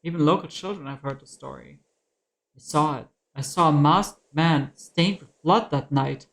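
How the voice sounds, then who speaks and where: A woman voicing a rambling, confused old man who speaks slowly and fearfully. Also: low-pitched. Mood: eerie.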